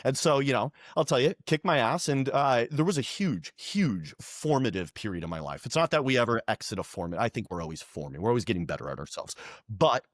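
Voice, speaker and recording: A young man talks in a casual interview, animated and loose, tossing in "man" and "dude" as he tells stories. His voice sits at a medium pitch, recorded close and dry with no room sound. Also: a little fast, dry recording. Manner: animated, slangy, says "man" and "dude" often. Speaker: podcast guest, founder.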